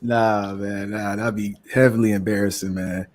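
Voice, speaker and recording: A man's voice: on the low side, steady tone, moderate pace, a little mellow. Laid-back man hosting an interview. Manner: laid-back, heavy slang and fillers. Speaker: interview host. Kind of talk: casual podcast interview.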